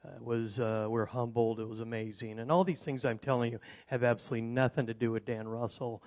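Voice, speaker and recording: Halting middle-aged man telling a testimony. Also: medium pitch, lo-fi sound. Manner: rambling and halting, with many fillers and restarts; animated when retelling exciting moments. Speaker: insurance man giving a testimony. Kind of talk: personal testimony talk.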